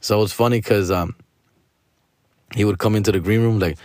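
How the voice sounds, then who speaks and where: A man's voice: lowish voice, moderate pace, no room sound, clean studio sound. A man hosting a podcast, ranting casually about a friend and mixing in Spanish slang. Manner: animated, mixes in Spanish slang, acts out his friend's nagging. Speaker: podcast host. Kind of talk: casual storytelling rant.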